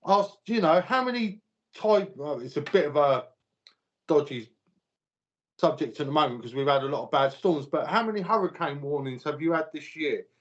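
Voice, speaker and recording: A man's voice: fairly high pitch, lively intonation, normal speed. A man with a British accent making his point emphatically on a podcast, proud and lecturing in tone. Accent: British English. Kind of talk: casual podcast chat. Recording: slightly muffled podcast audio.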